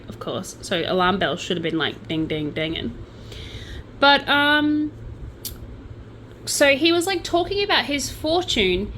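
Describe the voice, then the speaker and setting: A young Australian woman tells a true crime story as a casual, chatty host. Her pitch swings up and down with plenty of life, and she drops in sardonic, playful asides. Faint background noise sits under her voice. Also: bright, forceful tone, low-quality recording.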